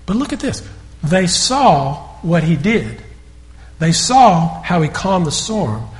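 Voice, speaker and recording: A man's voice: high voice, big pitch swings, takes it slowly. A man preaching a sermon in a conversational storytelling way, often repeating words and restarting sentences.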